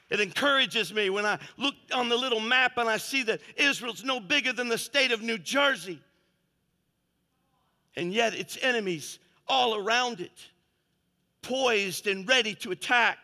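A man preaching a fervent sermon, swinging between shouted exclamations and hushed, quiet passages. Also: very high voice, unhurried, long reverb tail. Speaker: pastor.

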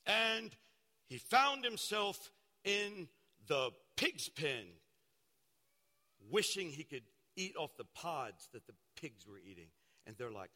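Pastor, male, bright and fairly high voice, dramatic preaching style, long hall reverb. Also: big pitch swings, takes it slowly. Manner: dramatic storytelling, shifting from loud to hushed. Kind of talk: sermon.

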